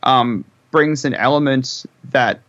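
A man's voice: medium pitch, slow, a bit bright, no room sound, muffled recording. A man with an Australian accent, a band vocalist chatting casually in an interview, rambling with lots of ums and restarts.

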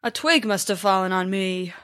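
A woman voicing a huge, sleepy, good-natured male giant who mumbles slowly in a storybook. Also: medium pitch, expressive, fairly bright tone, no echo, studio quality, close to an everyday voice. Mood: drowsy. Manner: slow, drowsy mumbling.

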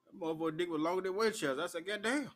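A brash man with a fairly high voice hosts his own uncensored talk show. He swears freely, laughs often and tells his stories with loud, unfiltered bluntness. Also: very fast. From Memphis, US. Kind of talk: uncensored solo monologue.

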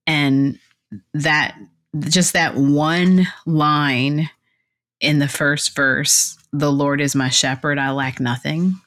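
A woman's voice: sits low, takes it slowly. A woman being interviewed as a podcast guest, a clarity coach and fitness instructor, chatting casually, laughing often and acting out quotes as she tells stories. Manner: animated storyteller who laughs often and acts out quotes.

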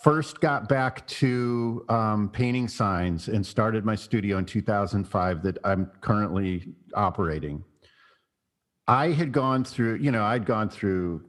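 A man who paints signs, hosting a relaxed, casual conversation and rambling a little as he talks. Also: on the low side, takes it slowly. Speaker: podcast host, sign painter.

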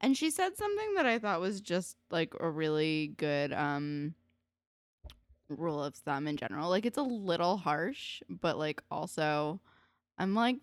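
A woman's voice: on the low side, sing-song, unhurried, dry recording. A woman co-hosting a podcast, chatting casually about a TV episode with lots of fillers and swearing. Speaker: podcast co-host. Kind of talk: casual chat recapping a TV episode.

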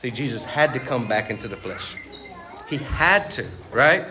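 A man's voice: medium pitch, animated, moderate pace. A male pastor preaching a sermon in a conversational style, quizzing the congregation with fill-in questions and tagging points with "right?". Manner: tags points with "right?" and "you see what I'm saying?".

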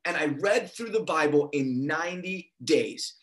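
A young man giving a sermon, telling a lively personal story and acting out the dialogue. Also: fairly high pitch, a little slow. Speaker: preacher.

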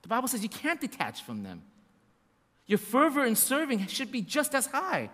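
Animated high-voiced male pastor preaching. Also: normal speed, long reverb tail. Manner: animated, repetitive preaching with acted-out asides. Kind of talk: sermon.

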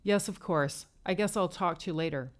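A woman's voice: lowish voice, normal speed, natural voice. A woman voicing a nervous, stammering office man. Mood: nervous eager. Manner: stammering, hesitant. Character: nervous, eager middle-aged office man.

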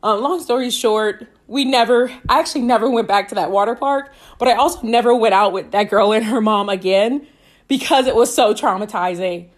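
A woman in her twenties hosts a podcast, casually telling a personal story and acting out her own quoted lines with laughs. Her voice is a little high and a little fast.

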